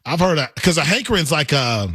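A man's voice: fairly high pitch, animated, a little fast, sharp tone, breathy edge, no room sound, studio quality. A man in casual chat, playful and teasing, who laughs often.

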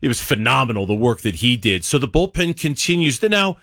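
A man's voice: mid-range voice, fairly quick, no echo, clean studio sound. Chatty sports radio host, a man. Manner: animated, talks in restarts and asides. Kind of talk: casual sports radio chat.

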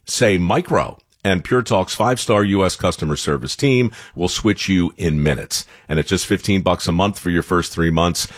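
A man delivers a punchy radio sales pitch in a low, husky voice. His pitch moves a lot, and the recording is dry and close. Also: no echo. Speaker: ad announcer. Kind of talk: scripted radio ad read.

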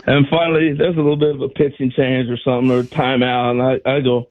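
An older man and former ballplayer telling animated stories on a sports radio show, acting out what others said. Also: mid-range voice, quick pace, few pauses, phone-quality sound. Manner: animated storyteller acting out quotes. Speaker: former player turned radio analyst.

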